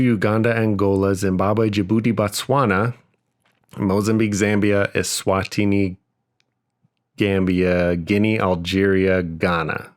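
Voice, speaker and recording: A young man with a fairly low voice, hosting a relaxed podcast. He rattles off a long list in a quick, half-sung rhythm. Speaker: podcast host. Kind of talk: casual podcast recitation.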